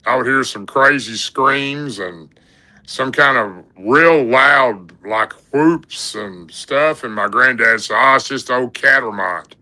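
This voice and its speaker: A man with a drawl spins a long story in a loose, folksy way, stringing his sentences together with "and, uh". His voice is strikingly bright and forceful, sitting at an ordinary male pitch. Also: slow pace, poor audio. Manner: rambling, folksy, lots of "and, uh". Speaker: podcast guest telling an encounter story. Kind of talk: casual storytelling.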